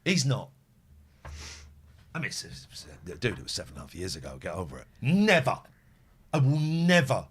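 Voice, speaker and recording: With a low, slightly rough voice, a man hosting a podcast talks fast and pauses often. He's animated and swears heavily in a casual chat, telling angry stories.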